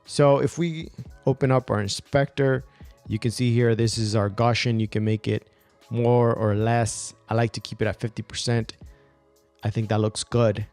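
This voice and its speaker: A young man hosting a software tutorial in an upbeat, casual way, with fillers and restarts. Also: mid-range voice, fairly even intonation, moderate pace, no echo, faint music behind. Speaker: video tutorial host.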